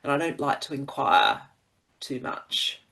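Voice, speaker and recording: A woman from Queensland, a podcast guest talking in a dry, wry way with quick laughs. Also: rumbling low, big pitch swings, vocal fry, fairly bright tone. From Queensland, Australia. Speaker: guest writer. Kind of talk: casual podcast conversation.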